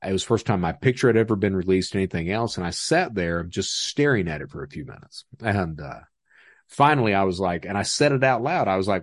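A man's voice: low-pitched, animated, brisk, no room sound, studio quality. A man guest telling his story in a casual, profane, laughing way. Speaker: interview guest.

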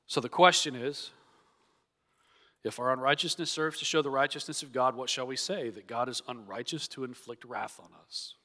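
A man's voice: mid-range voice, normal speed, sharp tone. A man preaching an expository sermon, earnest and emphatic, acting out the objections he quotes. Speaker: pastor. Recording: long reverb of a church hall.

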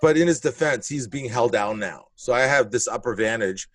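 A man's voice: medium pitch, a little fast. A male comedian telling a wild story in casual, blunt talk, swearing freely and acting out the moments. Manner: animated, blunt, profane storytelling with acted-out moments. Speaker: comedian guest.

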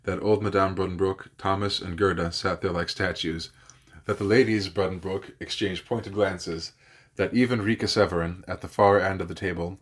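A man narrating a classic novel as a guest reader, measured, with an occasional slip and correction. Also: sits low, husky. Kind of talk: audiobook narration.

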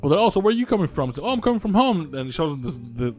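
A man co-hosting a casual podcast, retelling a story with lively acted-out quotes and plenty of swearing. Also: fairly high pitch, very fast, music in the background. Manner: animated storyteller acting out quoted voices, swears freely. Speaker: podcast co-host.

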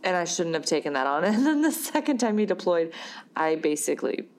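A woman spins a personal story in a loose, chatty way. Her pitch swings widely as she talks, and she laughs easily between her filler words. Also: very animated, a little fast, a little mellow. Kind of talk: casual storytelling.

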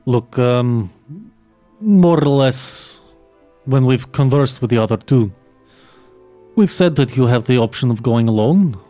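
A mid-pitched man speaks in a measured, reasoned way as a player at a gaming table. Faint music sits underneath his voice. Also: expressive, mellow, no room sound. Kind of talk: in-character chat.

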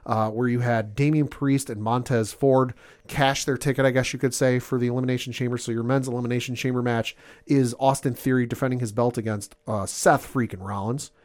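In a laid-back sports and gaming podcast, a man hosts and rambles enthusiastically through the news, using lots of fillers. His mid-range voice has a darkish tone and fairly even intonation, and he talks fairly quickly.

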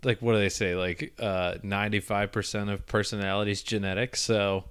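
A man's voice: fairly low pitch, little pitch movement, fairly quick, fairly bright tone, smooth. A man hosting a casual chat, joking and interjecting with quips.

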